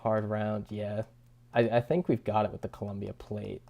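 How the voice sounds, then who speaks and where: Gravelly and dark, his fairly low voice holds a level tone at a moderate pace. A young guy on a livestream casually reads out comments from viewers, relaxed, frequently laughing and starting his sentences over.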